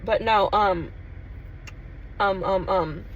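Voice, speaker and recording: A woman's voice: medium pitch, takes it slowly, lo-fi sound, a little hiss or hum. A woman talking in a casual confessional vlog, emotional and rambling, swearing freely as she searches for words. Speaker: vlogger.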